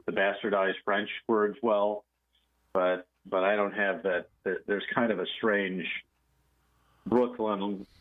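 A man's voice: low voice, dry recording. A man from New Orleans calling in by phone, chatting casually and hesitantly, often repeating words. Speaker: caller on the phone. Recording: dull phone line.

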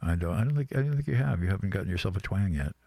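A low-pitched man hosts a relaxed radio talk and wanders through his thoughts, often stopping and restarting. His voice is close and dry, with no room sound around it. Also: creaky, dry recording. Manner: rambling, halting, many restarts. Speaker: radio host. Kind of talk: casual radio chat.

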